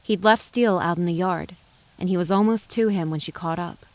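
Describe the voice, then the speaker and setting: A woman reading a western novel aloud as narrator, in an even, measured storytelling voice. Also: lowish voice, no echo. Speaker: audiobook narrator. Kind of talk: scripted narration.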